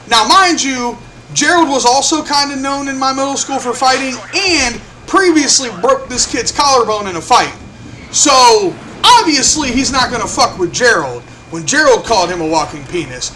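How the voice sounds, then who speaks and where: A young man with a very high, bright, sharp voice tells a story to the camera in a loose, cursing style. He acts out each person's lines as he goes. A faint hiss sits behind him. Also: moderate pace. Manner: animated, profane, acts out quotes. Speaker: vlogger. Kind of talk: casual storytelling.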